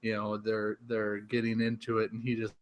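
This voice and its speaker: A man's voice: lowish voice, monotone, normal speed. A man co-hosting a podcast, chatting casually and searching for words with frequent restarts. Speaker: podcast co-host. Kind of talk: casual chat.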